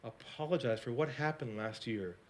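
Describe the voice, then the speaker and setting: A man giving a storytelling talk as a sales coach, dropping to a hush for quoted lines and rising high when excited, often asking the audience questions. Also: moderate pace. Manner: animated, swings between hushed quoted lines and high excited narration; repeats and restarts words, asks the audience questions.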